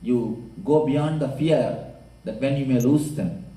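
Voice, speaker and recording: Emphatic, mellow-voiced male spiritual teacher. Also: medium pitch. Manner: emphatic, repetitive, measured. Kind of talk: sermon with storytelling. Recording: echoey room, mic at a distance.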